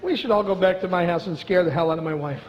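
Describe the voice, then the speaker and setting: On a comedy club stage, a Brooklyn man with a high-pitched voice runs through a stand-up set at a quick pace, chatty and sarcastic, teasing the audience. The audio is dull, with reverberant live-club sound and audience noise.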